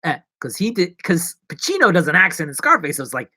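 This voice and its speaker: A man chats to his live-stream viewers from his apartment, rambling from joke to joke and poking fun at himself. His pitch bounces up and down a lot. The sound is dry and close. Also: huge pitch swings, fairly quick, hardly any pauses, sharp tone, dry recording. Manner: rambling, jokey, self-mocking. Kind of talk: casual live-stream chat. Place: apartment in New York.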